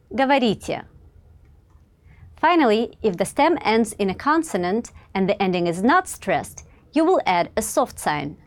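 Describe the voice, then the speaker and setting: A woman with a voice of middling pitch narrates a scripted grammar lesson. She speaks in a measured, clear way, pausing after each example word. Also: a little mellow. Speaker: language teacher.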